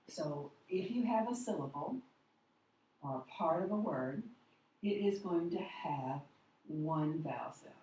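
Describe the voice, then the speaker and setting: A woman's voice: deep voice, mellow, roomy sound, slight background noise, poor audio. A woman teaching a phonics lesson to a class, patiently sounding out words and spelling them letter by letter. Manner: patient, deliberate, models words slowly.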